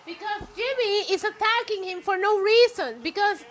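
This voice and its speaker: A woman streamer reacting live to a wrestling show, excitable and swearing, often shouting at the action. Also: extremely high pitch, normal speed. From Puerto Rico. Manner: excitable, profane, shouts at the screen.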